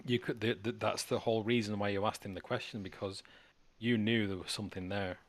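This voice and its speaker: Guy running a tabletop game on a call, kinda low voice, stutters and restarts a lot. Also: fairly even intonation, dry recording. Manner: halting narration with stutters and restarts. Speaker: game master.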